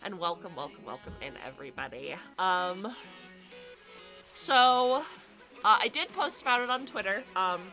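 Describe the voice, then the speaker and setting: Young woman streamer, bubbly and chatty, breathless with a stuffy nose, crisp bright tone, faint music behind. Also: mid-range voice, unhurried. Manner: bubbly, chatty, excitable greetings. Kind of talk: casual live-stream chat.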